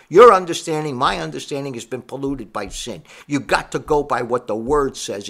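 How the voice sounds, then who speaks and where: A man's voice: mid-range voice, fairly bright tone. A man preaching a sermon, emphatic and full of rhetorical questions, repeating his points.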